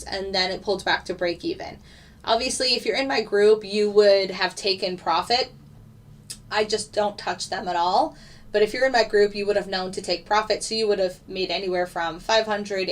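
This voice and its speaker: A woman's voice: mid-range voice, normal speed. A woman with a mid-range voice hosts a casual live stream. She talks in a chatty way, reads out viewers' messages and walks through her trades as they happen. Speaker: trading streamer.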